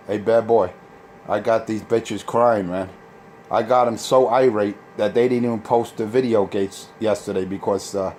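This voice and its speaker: A man's voice: on the low side, a little mellow. A man on CB radio, boasting and trash-talking rivals in a repetitive on-air rant. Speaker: CB radio operator. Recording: CB radio transmission with faint noise.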